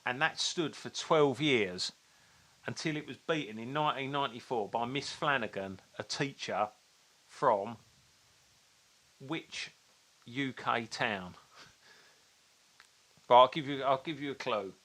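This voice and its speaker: A man co-hosting a podcast, telling stories and trivia in animated casual chat. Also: mid-range voice, unhurried, pauses often. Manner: animated storyteller, fond of teasing trivia. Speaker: podcast co-host.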